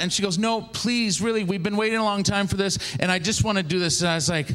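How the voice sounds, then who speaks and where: A preacher in his forties from the Seattle area, telling a story to his congregation. His voice sits a little high for a man, and he acts out each person in the tale with lively changes of voice. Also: fast talker. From Seattle, Washington area. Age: 40s. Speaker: traveling minister, former pastor. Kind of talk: storytelling sermon.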